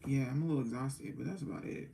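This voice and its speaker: Sleepy, chatty woman with a low voice. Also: quick pace, gravelly, mellow, a little hiss or hum, rough recording. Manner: chatty, loose, sings along to music between remarks. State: sleepy and exhausted. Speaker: tarot reader and livestream host. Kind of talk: casual livestream chat.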